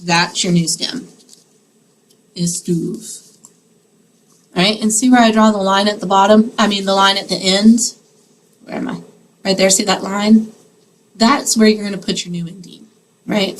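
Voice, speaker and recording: Slow, patient woman teaching a class; mid-pitched, unhurried, light room hiss behind. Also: low-quality recording. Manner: patient, explains step by step, checks in with "okay?". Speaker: Spanish teacher. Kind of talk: classroom grammar lesson.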